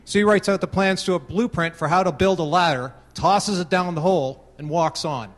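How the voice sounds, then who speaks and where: A man's voice: sits high, normal speed. A Canadian man giving a casual short talk at a conference, telling a joke. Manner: casual, tells a joke with voiced characters. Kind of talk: open-mic talk with a joke. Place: large conference room. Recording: long hall reverb.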